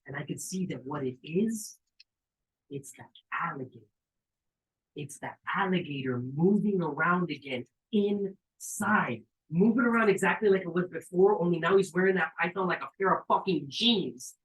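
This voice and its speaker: At a moderate pace, a man reads aloud a story of his own in slangy, profane, animated fashion. For quotes he jumps to high shouts, for suspense he drops low and soft; it's a low-quality recording made in a cabin during a live event.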